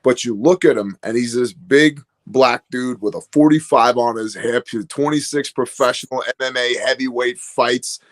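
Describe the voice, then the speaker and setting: A man's voice: mid-range voice, moderate pace, few pauses. Candid, rambling man telling work stories. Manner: candid, rambling storyteller with quoted asides. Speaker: guest business owner. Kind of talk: casual livestream conversation.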